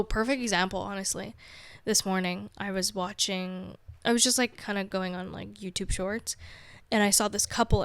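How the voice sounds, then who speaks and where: A young woman with a mid-range voice and no echo hosts a podcast alone. She chats candidly and rambles, dropping "like" into almost every sentence.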